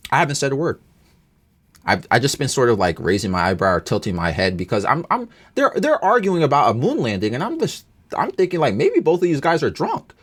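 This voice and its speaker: Animated man telling a story. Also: a little fast, slightly rough. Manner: animated, rambling, swings pitch high in exasperation. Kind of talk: casual storytelling monologue.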